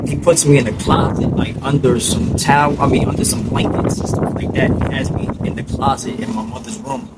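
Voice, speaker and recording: A man from New Jersey telling a story from his childhood in a halting, casual way, full of fillers and "you know what I'm saying.". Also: medium pitch. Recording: loud vehicle noise behind.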